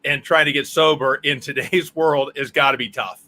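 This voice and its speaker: Bright-voiced male interview host. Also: mid-range voice, steady tone. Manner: asks questions in halting, restarting phrases.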